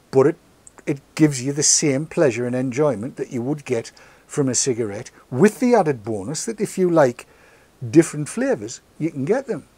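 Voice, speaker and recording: A man's voice: medium pitch, normal speed, slightly rough, no room sound. Brief: male host, rambling storyteller, dry recording. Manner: rambling, repeats words, lively storyteller. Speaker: show host. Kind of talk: casual chat.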